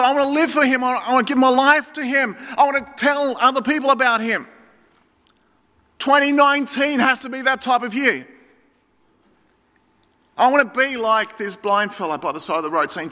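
A man delivers an emphatic sermon in a very high, bright voice. He addresses the congregation as friends. A long reverb trails every phrase in the hall. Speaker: pastor.

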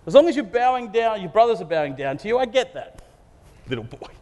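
A man's voice: sits high, sing-song, fast talker, darkish tone. A man voicing a proud father rebuking his son. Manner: rebuking, incredulous. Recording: long hall reverb.

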